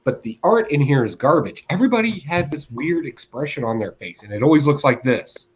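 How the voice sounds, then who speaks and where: A man's voice: medium pitch, fairly quick, lo-fi sound. A man co-hosting a casual comics podcast, ranting with lots of laughs. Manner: animated, ranting, laughs often. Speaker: podcast co-host reviewing comics. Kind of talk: casual chat.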